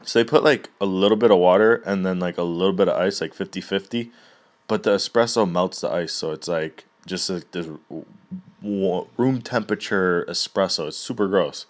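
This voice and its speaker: A man's voice: low-pitched, moderate pace. A young man in a casual, rambling rant, swearing often and laughing at his own stories.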